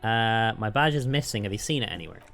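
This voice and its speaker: A man's voice: on the low side, animated, fast talker, fairly bright tone, faint music behind. A man streaming a game playthrough, hesitant and swearing freely as he talks.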